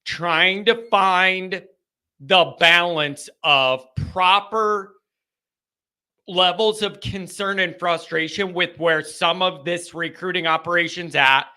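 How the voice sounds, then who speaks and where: High, bright-voiced excitable talk-show man. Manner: rambling, repeats himself, excitable. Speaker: sports call-in show host. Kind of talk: live call-in show monologue.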